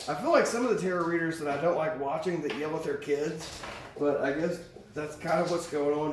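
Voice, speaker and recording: Man, tarot reader, candid rambling delivery, casual swearing, slightly high pitch, faint hiss. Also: brisk. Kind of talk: casual tarot reading vlog. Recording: very echoey room, distant mic, faint hiss.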